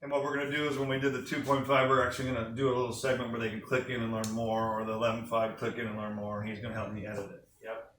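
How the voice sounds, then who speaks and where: A man's voice: mid-range voice, level tone, quick pace, fairly bright tone. A man giving an enthusiastic sales presentation to a small group, asking the room questions as he goes. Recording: echoey room from a distant mic with faint noise.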